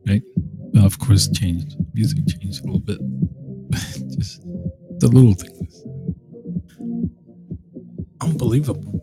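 Slow, rambling man over music. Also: lowish voice, expressive, vocal fry. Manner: rambling, with many restarts and mock quotes. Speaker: show host. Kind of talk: rambling casual monologue. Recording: music playing behind the voice.

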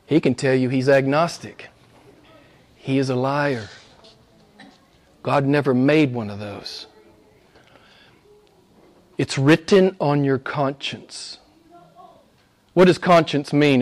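A man delivers a sermon to his congregation, speaking emphatically and repeating phrases. His voice sinks low and quiet, then rises high and loud.

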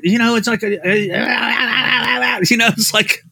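A man putting on the voice of an older male writer shouting warnings down a phone in a shrill, urgent rant. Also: steady tone, slow pace, gravelly, husky, heavily acted.

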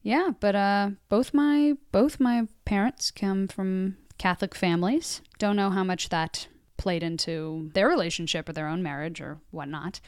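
A woman's voice: medium pitch, a little slow, hardly any pauses, a little mellow, smooth, no room sound, studio quality. A woman chatting as a podcast guest in a casual, playful way, giggling and breaking into little sing-song bits. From United States. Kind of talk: casual chat. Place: recording studio.

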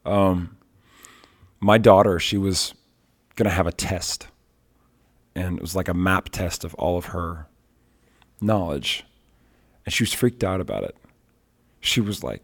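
A middle-aged evangelist man tells stories in a lowish voice on a faith talk show. He is animated and brings the people in his stories to life, switching between them as he goes. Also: unhurried, long pauses. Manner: animated storyteller, acts out quotes. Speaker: traveling worship leader and evangelist.

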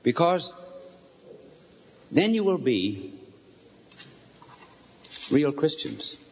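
An older man preaches with a lively, swooping delivery that rises and falls as he tells his story. He stops to quiz the crowd directly. The voice rings out with a long reverb from a large hall. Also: a little high, very slow, creaky. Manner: animated storyteller, asks the audience questions. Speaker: bishop preaching. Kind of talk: live sermon to an audience. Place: large hall before a live audience.

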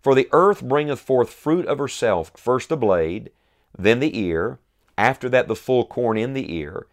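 A man preaching a sermon, earnest and emphatic, reading scripture aloud and slowing down to stress key lines. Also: mid-range voice, expressive. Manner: earnest, emphatic, quotes scripture in old wording; slows for emphasis, rising repeated phrases.

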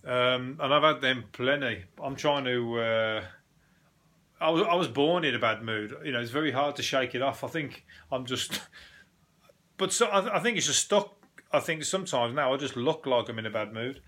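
A man's voice: medium pitch, lively intonation, normal speed, bright, forceful tone. A man with a Birmingham accent rambling through a sweary, comedic rant as a podcast host, restarting sentences and laughing often. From Birmingham, England.

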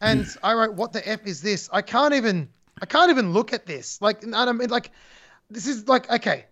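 A woman co-hosts a casual wrestling chat. She is animated and sarcastic and laughs often as she talks. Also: a little high, moderate pace. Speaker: podcast co-host.

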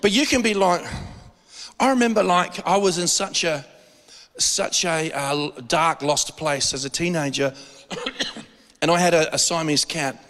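A man giving a conversational sermon, telling lively, joking stories and acting out quotes. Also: on the high side, a little slow. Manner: animated storytelling with jokes and acted-out quotes. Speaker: preacher. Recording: long hall reverb.

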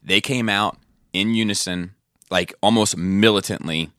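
A man co-hosting a casual talk show, telling a story with animated retellings and frequent swearing. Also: fairly low pitch, unhurried, dry recording, studio quality. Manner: animated storyteller, acts out quotes, swears freely. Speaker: podcast co-host. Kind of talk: casual chat.

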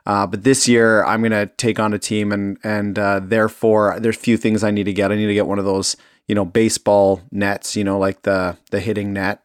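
A man with a lowish voice chats casually on a podcast, easygoing and a bit hesitant as he talks. The sound is dry and close, with no room around it. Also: flat delivery, normal speed, no room sound. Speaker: podcast co-host. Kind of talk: casual chat.

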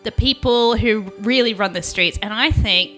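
A woman's voice: a little high, moderate pace, fairly bright tone, faint music behind, natural voice. A woman playing a brash, oblivious actress at an audition in a sketch comedy podcast. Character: overconfident auditioning actress with mobster ideas.

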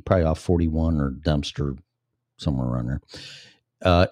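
A very deep, mellow-voiced man from Illinois hosts his own podcast, reading news stories aloud at a normal speed and pausing often. He keeps breaking off into blunt, profane, sarcastic rants. The recording is dry, with no room sound.

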